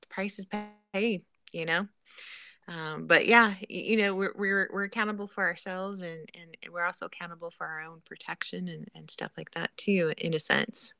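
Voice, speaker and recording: Earnest woman with a bright, dry voice. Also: fairly low pitch, fairly even intonation, normal speed, vocal fry, no echo. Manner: earnest, faith-centred, gently preachy. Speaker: guest in a live chat. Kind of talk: casual chat.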